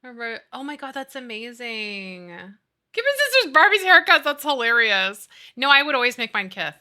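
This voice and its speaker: A woman's voice: a little high, big pitch swings, normal speed, bright, forceful tone. A woman in her thirties chatting casually and animatedly with her live chat, giggling and gushing as she talks. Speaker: streamer.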